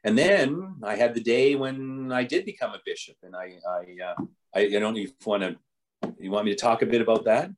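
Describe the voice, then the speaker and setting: A man's voice: medium pitch, brisk. A man, a bishop telling stories from his life in an interview, rambling with frequent restarts. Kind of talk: storytelling in an interview.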